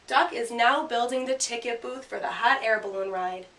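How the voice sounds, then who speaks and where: A woman's voice: fairly high pitch, moderate pace, hardly any pauses, sharp tone. Upbeat woman teacher reading aloud. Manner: clear, upbeat teacher voice, punching out sound words. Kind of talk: classroom grammar lesson and picture-book read-aloud. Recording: roomy sound from a distant mic.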